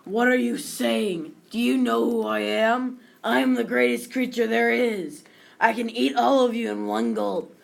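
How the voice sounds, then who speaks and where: A woman voicing a huge, boastful, hungry male monster who makes slow, repetitive threats. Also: on the high side, fairly even intonation, gravelly. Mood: menacing.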